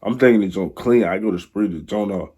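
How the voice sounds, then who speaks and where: Husky young man rambling a story. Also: on the low side, brisk, dark tone. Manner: rambling, slang-heavy, loose storytelling. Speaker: vlogger. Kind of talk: casual storytime.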